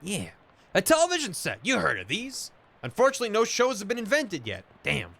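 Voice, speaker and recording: A man's voice: high voice, huge pitch swings, brisk, creaky, fairly bright tone. A man streaming a video game, reading its text aloud with casual asides. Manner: casual asides between narration.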